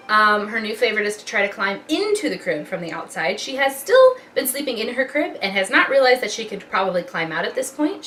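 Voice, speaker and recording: A woman's voice: mid-range voice, sharp tone. Young woman, mom vlogger, casual rambling chat; distant mic, faint noise. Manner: chatty and rambling, loses her train of thought.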